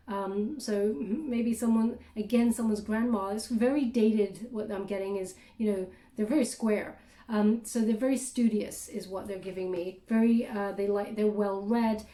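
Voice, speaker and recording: Echoey, mellow-voiced woman reading tarot. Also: mid-range voice. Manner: halting, thinking aloud between cards. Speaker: tarot reader. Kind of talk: casual spoken tarot reading. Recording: roomy echo.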